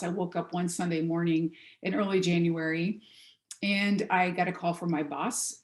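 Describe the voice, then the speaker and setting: A woman giving a heartfelt spiritual talk over a video call, telling a story gently before leading a meditation. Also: on the low side, reverberant. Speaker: guest speaker.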